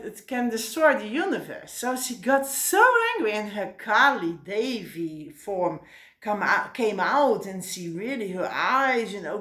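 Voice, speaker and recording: A woman's voice: medium pitch, fairly bright tone. Hesitant woman telling a myth, roomy echo. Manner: hesitant, many fillers and restarts. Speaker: storyteller. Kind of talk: casual oral storytelling.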